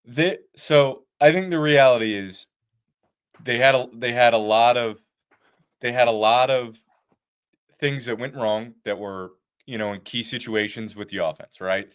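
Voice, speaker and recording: A man's voice: mid-range voice, a little slow, clean tone. Casual man breaking down football. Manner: casual, profane, lists points with "like" and "right?". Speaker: football analyst co-host. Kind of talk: postgame sports analysis.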